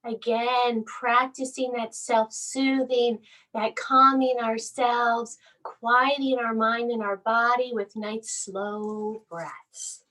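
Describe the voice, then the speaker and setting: A woman leading a children's bedtime yoga class, speaking in a gentle, soothing, sing-song way as she reads a storybook aloud. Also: a little high, steady tone, slow. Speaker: yoga instructor.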